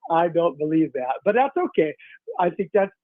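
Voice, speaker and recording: A man's voice: fairly high pitch, very animated, moderate pace, no room sound. A man calling into a sports radio show, chatting about his team in a rambling way, heard over a phone line. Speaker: caller.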